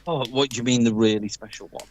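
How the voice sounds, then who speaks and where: A man's voice: medium pitch, fairly even intonation, fast, a crowd in the background, low-quality recording. An Englishman co-hosting a livestream in casual chat, enthusiastically describing things in lavish terms. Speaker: livestream co-host.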